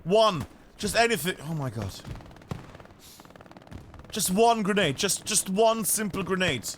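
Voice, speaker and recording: A German man from northern Bavaria casts a live shooter match in a high voice, chatty and animated, swearing casually now and then. Gunshots sound faintly behind him. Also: a little slow, a little hiss or hum. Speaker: esports caster. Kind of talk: live game commentary.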